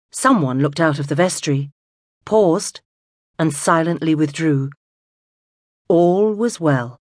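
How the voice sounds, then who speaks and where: A woman narrating a mystery audiobook in a measured, expressive way, close to the mic. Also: low voice, dry recording. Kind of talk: scripted narration. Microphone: close studio mic.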